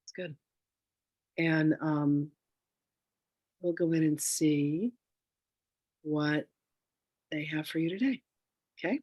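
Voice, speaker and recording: Chatty man with a fairly high voice. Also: slow pace, long pauses, dry recording, dull audio. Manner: chatty, relaxed, self-joking. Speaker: spiritual teacher doing a reading. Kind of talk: casual spiritual session.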